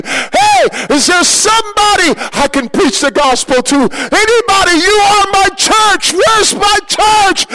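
Male preacher, pitched high, driving a dramatic story from the pulpit with fervor. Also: fairly bright tone, rough recording. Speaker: pastor. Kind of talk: sermon.

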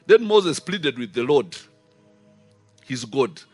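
Animated preacher man. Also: mid-range voice, takes it slowly, no room sound, faint music behind. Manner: animated, rising and falling emphasis with rhetorical questions. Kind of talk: sermon.

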